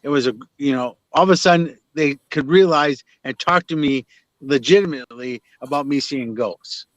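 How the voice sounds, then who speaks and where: A man's voice: mid-range voice, moderate pace, dry recording. Chatty older man telling stories. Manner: chatty, restarts often, self-mocking. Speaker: podcast guest, psychic medium. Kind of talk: casual storytelling interview. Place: in his car. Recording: dry, dull lo-fi sound.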